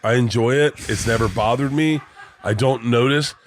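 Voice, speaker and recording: A man's voice: mid-range voice, normal speed, a little hiss or hum. A man co-hosting a comedy podcast, telling stories with lots of swearing and acting out other people's lines. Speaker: podcast co-host. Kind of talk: animated comedic storytelling.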